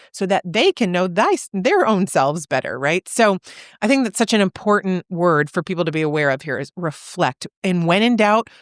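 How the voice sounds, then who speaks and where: A woman podcast co-host who works as a therapist, explaining ideas in a relaxed, thoughtful way and checking in with "right?" and "you know?". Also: medium pitch, no echo, studio quality. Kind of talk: casual faith podcast conversation.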